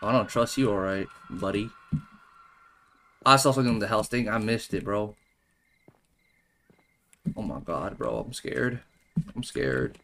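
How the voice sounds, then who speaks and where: A man's voice: lowish voice, a little slow, long pauses, pushed and bright. A man giving jumpy, exclaiming gameplay commentary as a gaming YouTuber, calling out "bro" and "dude" as he plays.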